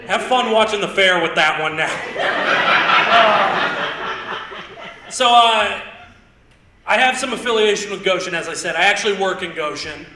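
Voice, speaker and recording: On a theater stage before a live audience, a young comedian from Indiana performs stand-up in a high-pitched, unhurried voice with long pauses. Using a handheld mic in roomy theater sound, he tells loose, rambling stories with stutter-mimicking bits and sudden shouted punchlines.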